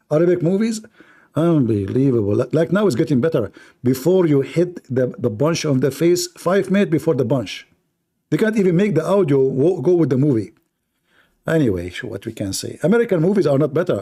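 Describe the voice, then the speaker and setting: A man's voice: fairly high pitch, mellow. A male livestream debate host who talks in a mocking, combative way, with sarcastic jabs and broken, non-native grammar. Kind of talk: combative live debate talk.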